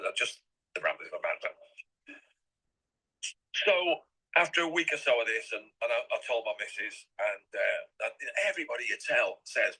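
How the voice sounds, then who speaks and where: Middle-aged English man, interview guest, bright and husky tone, rambling and repetitive. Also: on the low side, expressive, moderate pace, long pauses, poor audio.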